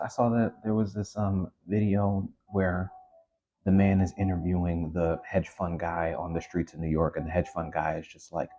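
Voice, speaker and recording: A man with a deep, husky voice rants through a casual monologue on his own show. He talks in heated bursts, restarting sentences and throwing in asides. His tone stays dark and mellow, and the recording sounds dull and lo-fi. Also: little pitch movement, moderate pace. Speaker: podcast host.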